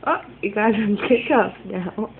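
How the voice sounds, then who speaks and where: A mother talking gently with her toddler, coaxing and encouraging her, in a home video filmed on a phone. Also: mid-range voice, measured pace, creaky, crowd noise. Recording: tinny phone recording with noise.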